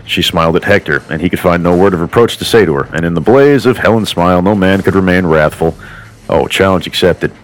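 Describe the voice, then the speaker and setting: Deep-voiced irreverent male narrator. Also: fairly quick, low-quality recording. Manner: irreverent, crude asides in a storybook tone. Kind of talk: comedic parody reading of a classic tale.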